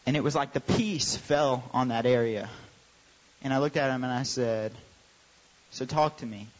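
A man's voice: mid-range voice, moderate pace. Young guy youth pastor telling a story in a sermon, acts out voices, dull muffled recording. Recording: dull sound with long hall reverb.

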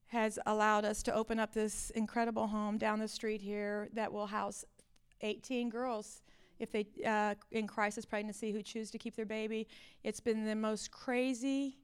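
A woman in her fifties, a pastor giving an animated conference talk, telling stories and acting out exchanges with rising intensity. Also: fairly high pitch, moderate pace, clean tone. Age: 50s. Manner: animated storytelling, rising to near-shouting in acted exchanges.

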